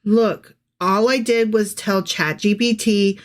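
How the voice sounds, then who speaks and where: A woman's voice: medium pitch, fairly even intonation, slow pace. A woman co-hosting a podcast with her husband, joking and teasing in a sarcastic, irreverent way. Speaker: podcast co-host. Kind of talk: casual comedic chat.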